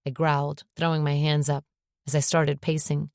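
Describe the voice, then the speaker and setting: Low-voiced woman reading a novel. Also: level tone, moderate pace, no room sound, clean studio sound. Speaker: audiobook narrator. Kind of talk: first-person audiobook narration.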